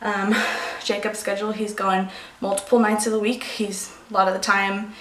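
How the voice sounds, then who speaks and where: A woman's voice: mid-range voice, level tone, normal speed, a bit bright. A young pregnant woman chatting casually in a vlog, rambling and emotional, losing her sentences. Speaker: beauty vlogger. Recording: echoey room, faint noise.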